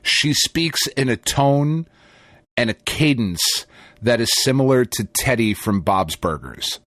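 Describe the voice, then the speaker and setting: Animated, profane New man. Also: mid-range voice, slow pace, dry recording. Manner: profane, animated storytelling with laughter. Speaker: podcast co-host. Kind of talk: casual chat.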